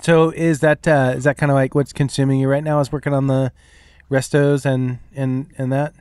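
A man co-hosting a podcast, asking relaxed, hesitant questions full of fillers. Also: mid-range voice, normal speed, smooth, dry recording, clean studio sound. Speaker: podcast co-host.

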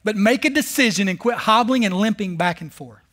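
High, bright-voiced preacher man. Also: fairly quick. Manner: animated storytelling with sarcastic humor. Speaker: pastor. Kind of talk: sermon. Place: church service.

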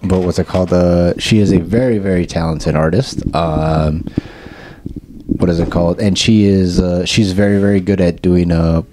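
A man's voice: low voice, fairly even intonation, normal speed, mellow, slight background noise. A man in his thirties co-hosting a casual podcast chat over beers, laid-back and swearing often. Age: 30s. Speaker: podcast co-host.

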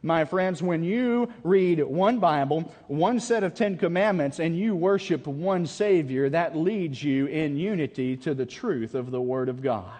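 A man's voice: on the high side, expressive, unhurried, hardly any pauses, a little mellow. A man preaching a camp meeting sermon, dramatic and calling out questions to his listeners. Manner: dramatic, calls out questions to the audience. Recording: long reverb of a large hall.

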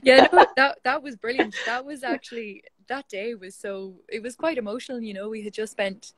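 An Irish woman, a guest in a casual interview, telling stories in a lively, chatty way over a video call. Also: fairly high pitch, normal speed, crowd noise, rough recording. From Ireland.

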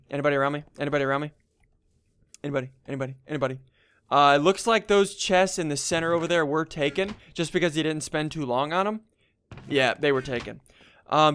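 A young man doing casual gameplay commentary as a gaming YouTuber, muttering to himself and then bursting into excited yells. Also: a little high, clean tone. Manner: excitable, swings from muttering to yelling.

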